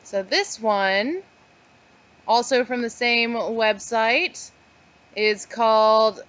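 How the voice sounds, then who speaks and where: A woman's voice: on the high side, very slow, fairly bright tone, rough recording. A woman co-hosting a casual podcast, reading an article aloud and breaking off with offhand asides. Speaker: podcast co-host.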